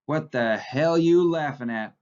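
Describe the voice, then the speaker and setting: A man's voice: on the high side, unhurried, darkish tone, muffled recording, voice pushed up, lightly acted. A man reading aloud, voicing a hot-tempered small young bully who snarls threats. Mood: raging.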